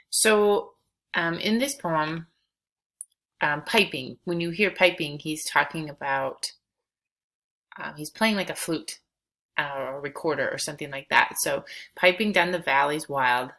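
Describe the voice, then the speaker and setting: Low, gravelly woman teaching a poem. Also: unhurried, pushed and bright, poor audio. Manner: reads verse with lift, then explains casually with fillers. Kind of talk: recorded poetry lesson, reading aloud and explaining.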